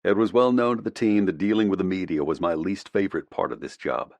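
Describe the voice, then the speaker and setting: A man narrating a first-person audiobook in a measured, reflective way, close to the mic. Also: low voice, expressive, no room sound.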